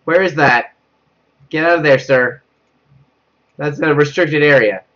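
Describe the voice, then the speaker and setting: A young man streaming a horror game speaks at a measured pace in a slightly bright voice. Reading chat aloud, he panics, laughs nervously, and repeats himself, and his mic sounds dull and low in quality.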